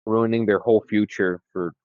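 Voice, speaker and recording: A young man co-hosting a podcast in casual chat, excitable and quick to swear and laugh. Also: on the low side, dry recording. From California. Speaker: podcast co-host. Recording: dry, dull lo-fi sound.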